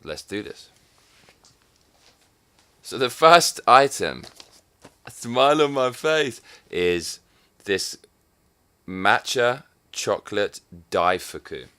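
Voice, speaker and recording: An English vlogger in his thirties delivers a profane, sardonic comic monologue straight to camera, his volume rising and falling. His mid-range voice is clear and resonant, with a sing-song lilt, and he speaks slowly, pausing often.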